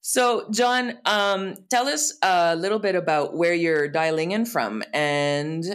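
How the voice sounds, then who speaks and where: A woman with a mild Canadian accent hosts a casual interview. Her voice sits a little low. She chats in a playful, self-deprecating way. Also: slow pace, clear, resonant tone. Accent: Canadian, softened by years abroad. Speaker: podcast host.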